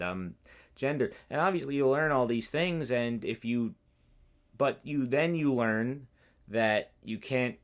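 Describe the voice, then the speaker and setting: A young man, a university student, co-hosting a casual political podcast, talking in long rambling runs with many restarts. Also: on the low side. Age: young adult. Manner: rambling, many restarts and mocking quoted voices. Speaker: podcast co-host.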